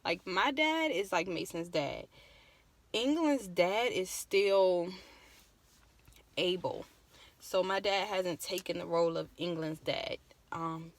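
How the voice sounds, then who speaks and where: A woman's voice: medium pitch, gravelly. A young woman telling a personal story in a casual vlog, close to tears and talking emotionally. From Virginia. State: close to crying. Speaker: vlogger.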